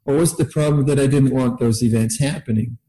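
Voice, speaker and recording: A man's voice: a little fast, dark tone, low-quality recording. Older man giving a laughing, rambling dharma talk. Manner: laughs often, repeats words, acts out quotes in a high voice. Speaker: meditation teacher.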